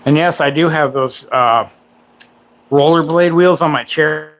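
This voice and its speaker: A man's voice: on the high side, measured pace, fairly bright tone. A man in his forties hosting a livestream. He rambles in casual chat and makes crude, self-mocking jokes. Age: 40s. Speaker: livestream host.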